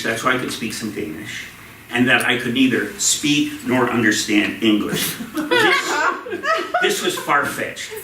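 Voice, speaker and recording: An American man tells a comic personal tale on stage, his bright voice swinging lively up and down with deadpan timing. He sounds set back from the mic in a roomy, echoing hall. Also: medium pitch, far from the mic, slight background noise. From United States. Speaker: storyteller at a story slam. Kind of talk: comic personal storytelling to a live audience. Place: stage in a small venue.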